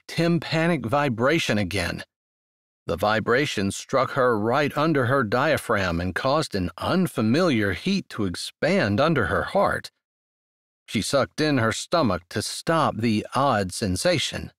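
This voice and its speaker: A man narrating a romance novel in an expressive, unhurried storytelling manner, close on the mic. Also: mid-range voice, dry recording. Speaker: audiobook narrator. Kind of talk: scripted narration.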